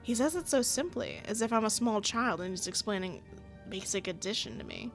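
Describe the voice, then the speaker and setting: A woman's voice: mid-range voice, animated, a little fast, gravelly, faint music behind. A woman reading a visual novel aloud, narrating and breaking off with giggly, self-deprecating asides. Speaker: game streamer.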